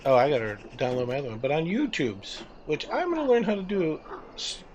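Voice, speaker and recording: A man's voice: a little high, huge pitch swings, brisk, a little mellow, a little hiss or hum. Chatty Southern American man streaming a game. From Southern United States. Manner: chatty, rambling, reacts to chat. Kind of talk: casual game livestream commentary.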